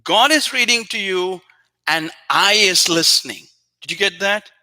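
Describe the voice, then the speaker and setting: A man with a high-pitched, animated voice speaks unhurriedly as host of a spiritual show. His teaching talk is earnest and repetitive, addressed straight to a viewer, and now and then he softly chants phrases.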